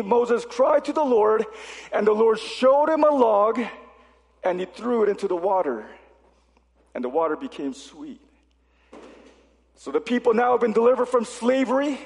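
High-voiced man preaching in a reverberant hall. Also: vocal fry. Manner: animated, rhetorical questions, reads scripture aloud. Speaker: pastor. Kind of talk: sermon.

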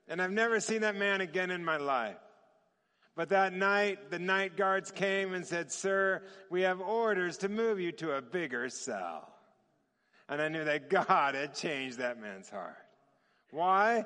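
A man with a high, bright voice preaches in a large hall, and his words ring out with a long reverb. He tells his story in an animated way, playing out both sides of the talk and laughing as he goes. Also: a little slow. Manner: animated, acts out dialogue with laughter. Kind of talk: sermon storytelling.

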